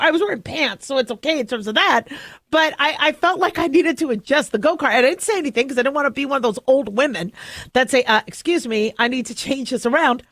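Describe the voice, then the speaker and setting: A woman's voice: high-pitched, fairly bright tone, no room sound, clean studio sound. A middle-aged woman radio talk show host telling a chatty, self-mocking story with frequent laughs. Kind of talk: casual monologue. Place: radio studio.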